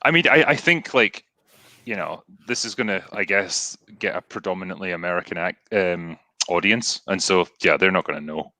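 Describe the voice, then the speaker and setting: A man's voice: low voice, moderate pace, bright, forceful tone, dry recording. A Scottish man hosting a casual podcast chat, talking in a dry, hesitant way and reading out viewer comments. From Scotland. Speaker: podcast host.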